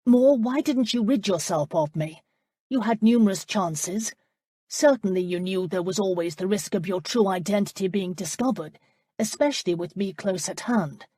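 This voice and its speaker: A woman's voice: mid-range voice, moderate pace, dark tone, husky, no room sound, studio quality, natural voice. A woman reading the lines of an earnest young male reverend who speaks firmly. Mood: accusing.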